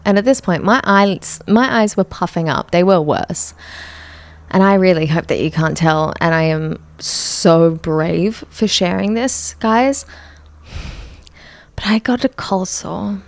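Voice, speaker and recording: A young woman speaks in a gravelly voice, with plenty of vocal fry. She hosts a solo podcast and tells her story candidly, with a chatty, self-mocking tone. She is close on the mic in a dry, dead room. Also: on the low side, slow, no echo. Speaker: podcast host.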